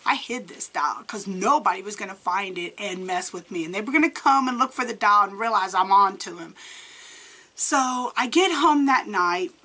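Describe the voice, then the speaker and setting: A woman's voice: medium pitch, normal speed. A woman in her forties telling a true story casually, acting out the dialogue and laughing often. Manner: animated, acts out quoted dialogue, laughs often. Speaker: storytime vlogger.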